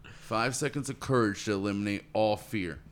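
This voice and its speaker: A man with a fairly low voice speaks in easy, earnest conversation. He sounds motivational and repeats himself as he builds a point. He keeps it loose with an occasional "man". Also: normal speed. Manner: acts out quoted voices in a higher pitch. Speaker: podcast guest. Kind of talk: casual conversation.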